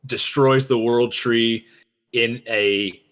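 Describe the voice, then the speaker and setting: A man's voice: medium pitch, fairly even intonation, slow, a bit bright. A man co-hosting a podcast, talking casually about a game cinematic in a rambling way with frequent restarts and fillers. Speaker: podcast co-host.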